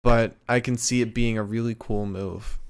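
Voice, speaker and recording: Smooth-voiced man, calm remarks. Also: fairly low pitch, normal speed. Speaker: podcast co-host. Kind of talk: casual wrestling chat.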